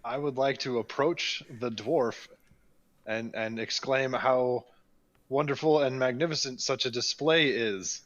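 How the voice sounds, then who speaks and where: A man playing a tabletop game who talks playfully, heaping mock flattery on characters. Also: medium pitch, measured pace, highs cut off. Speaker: player.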